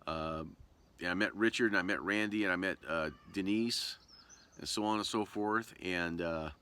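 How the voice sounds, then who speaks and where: A very low-pitched man with a bright, forceful edge to his voice tells a personal story in a loose, rambling vlog style. He keeps stopping to restart his sentences and leans on lots of fillers as he goes. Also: moderate pace, smooth. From Southern Oregon. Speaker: vlogger. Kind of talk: casual storytelling.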